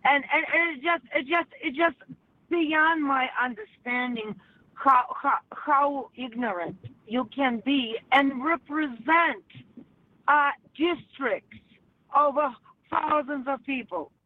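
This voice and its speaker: An indignant female caller heard over a tinny phone line. She speaks slowly and haltingly, with many fillers, in a fairly high voice. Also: no echo. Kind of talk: phone-in comment.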